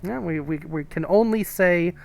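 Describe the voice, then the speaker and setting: A man's voice: high-pitched, moderate pace, creaky, faint music behind. A man streaming a narrative game live, reading the text and choices aloud in a chatty, amused way. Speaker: streamer playing a story game. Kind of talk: live gameplay commentary and reading.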